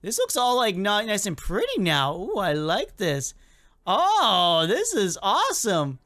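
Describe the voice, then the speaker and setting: Commentating on the action at a measured pace, a gaming video creator stays casual and excitable, talking to the in-game characters. Frequent laughter and big shifts in pitch run through it.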